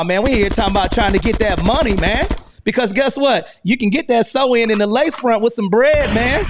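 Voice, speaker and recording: American guy hosting an online room, high voice, super hyped, says "man" all the time. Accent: American English. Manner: hyped, loud, keeps saying "man". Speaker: host.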